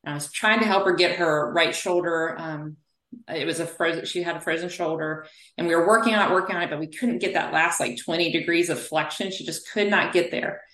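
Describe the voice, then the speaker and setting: Woman, interview guest, physical therapist, animated storytelling, deep voice, echoey room. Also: a little fast. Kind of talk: conversational interview.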